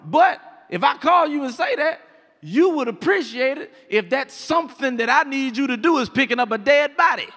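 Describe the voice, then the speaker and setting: A man doing a stand-up comedy set on stage, telling stories with animated delivery and acting out the voices of people in them. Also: very high-pitched, normal speed, big-room sound. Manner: animated storytelling, acts out voices. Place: comedy stage before a live audience.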